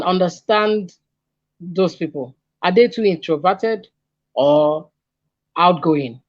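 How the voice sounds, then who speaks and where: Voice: medium pitch, no room sound. Guest counselor; earnest, repetitive warnings; lo-fi dry sound. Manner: earnest, repeats and restarts phrases, stresses warnings. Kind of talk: earnest advice in conversation. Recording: dull lo-fi dry recording.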